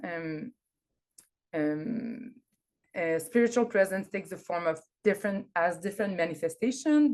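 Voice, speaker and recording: Woman, non-native English speaker, academic talk, video call, low-pitched, hesitant, many fillers. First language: not English. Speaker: conference presenter. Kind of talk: academic presentation.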